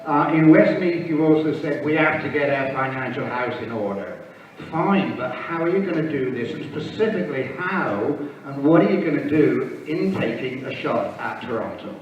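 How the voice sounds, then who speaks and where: A man asks a pointed question from the audience at a public meeting, bluntly and with some joking. He sounds far away, with heavy echo and clear background noise. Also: on the high side, expressive, normal speed, highs cut off. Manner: blunt, jokey. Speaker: audience member asking questions. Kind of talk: question from the floor. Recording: echoey room, distant, noisy.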